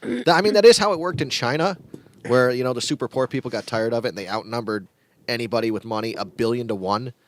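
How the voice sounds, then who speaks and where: A man's voice: mid-range voice, fast talker, dry recording. A man hosting a casual chat podcast, rambling and repeating words as he talks, with some swearing. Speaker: podcast host. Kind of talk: casual chat over drinks.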